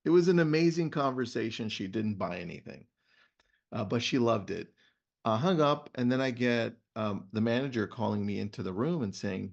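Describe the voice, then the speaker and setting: A middle-aged man hosts a webinar in a relaxed, chatty way and tells stories with lively animation. His voice has a gravelly, creaky edge at a mid pitch. The sound is muffled and lo-fi, as on a video call. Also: normal speed. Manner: animated storyteller. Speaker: webinar host. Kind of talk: casual webinar chat. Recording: muffled lo-fi web audio.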